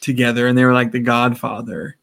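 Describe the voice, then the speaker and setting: A man's voice: mid-range voice, level tone, a little fast, creaky, fairly bright tone. A man co-hosting a podcast, chatting casually as he retells the scenes of a TV episode and acts out the characters' lines. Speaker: podcast co-host. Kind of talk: casual chat recapping a TV episode.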